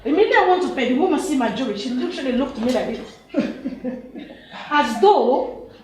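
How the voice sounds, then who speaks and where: A woman's voice: high-pitched, expressive, racing, darkish tone. A woman from Nigeria speaking up from the audience at a panel, emphatic and laughing as she talks, with many restarts. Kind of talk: impassioned comment from the floor. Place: university lecture hall. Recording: echoey lecture hall.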